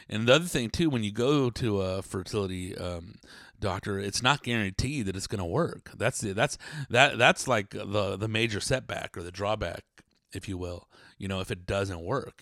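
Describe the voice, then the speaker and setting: A man's voice: lowish voice, fairly bright tone, dry recording, clean studio sound. A man telling a personal story in a casual, rambling, profane monologue, laughing often.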